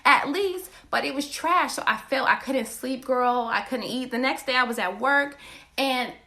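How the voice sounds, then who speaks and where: A woman hosting a podcast and telling a personal story in a blunt, profane, animated way. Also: high voice, moderate pace. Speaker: podcast host. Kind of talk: candid storytelling monologue.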